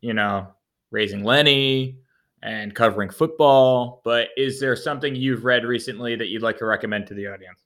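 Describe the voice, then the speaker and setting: Bright-voiced man with an upstate New York accent. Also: mid-range voice, moderate pace. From Syracuse, New York. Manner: teasing, laid-back questioning. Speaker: radio producer. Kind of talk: casual podcast co-host chat.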